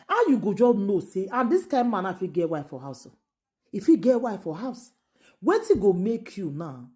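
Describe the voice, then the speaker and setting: A woman with a Nigerian Pidgin accent talks through the latest gossip in a casual, exclaiming way, repeating herself in disbelief. Her voice sits a little low and sounds mellow and dark. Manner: exclaiming, repetitive, incredulous. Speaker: gossip show host.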